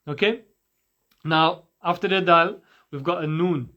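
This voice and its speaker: Bright-voiced patient recitation teacher, man. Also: a little high, steady tone. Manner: patient, repeats sounds slowly and asks listeners to recite along. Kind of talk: tajweed lesson with slow demonstrations.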